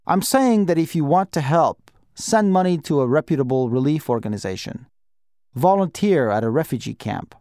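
A man's voice: on the high side, animated, moderate pace, dark tone, no room sound, studio quality. A man reading aloud and voicing a middle-aged male embassy official who speaks in a cold, clipped, bureaucratic way. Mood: curt.

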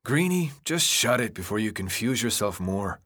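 A man's voice: medium pitch, lively intonation, measured pace, a bit bright, breathy edge, no room sound, studio quality, pitched above the performer's own voice. A man voicing a brash, sarcastic teenage boy who is out of breath, mocking and bossy. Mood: scornful.

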